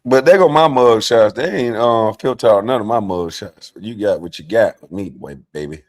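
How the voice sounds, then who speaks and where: A middle-aged man hosting a livestream, telling stories in a casual, profane, animated way, dropping from low mutters to loud outbursts. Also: moderate pace. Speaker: livestream host.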